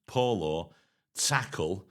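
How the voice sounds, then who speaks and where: Laughing man, low voice. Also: animated, slow pace, a bit bright. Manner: laughs often, forgetful and rambling. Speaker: podcast co-host. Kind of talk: casual pub banter.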